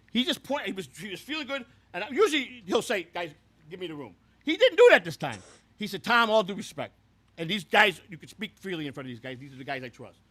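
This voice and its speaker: A man's voice: sits high, bright, forceful tone, full character voice. A man playing a brash, foul-mouthed former baseball clubhouse worker who rambles through stories and trips over repeated words. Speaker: host. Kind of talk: scripted comedic character storytelling.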